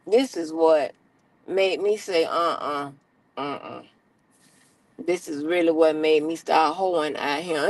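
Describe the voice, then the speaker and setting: A middle-aged woman, telling a story as an animated, profane, exasperated rant on her stream. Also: fairly low pitch, dry recording, rough recording.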